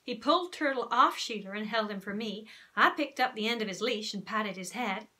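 A young woman reads a children's novel aloud with lively expression, stopping now and then to explain a word. Her voice is bright and a little high, with a friendly teacher's clarity. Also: normal speed. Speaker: primary school teacher.

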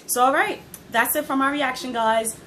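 Bubbly young woman gushing and laughing through an anime reaction, voice on the high side. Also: normal speed, slight background noise, rough recording. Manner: excitable, giggly, swears casually. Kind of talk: casual reaction commentary.

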